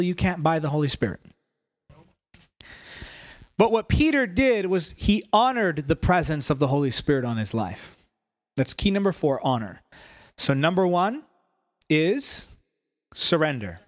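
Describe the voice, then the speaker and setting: Young male preacher, lively storytelling. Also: a little high. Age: young adult. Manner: animated, conversational, laughing. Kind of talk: sermon storytelling.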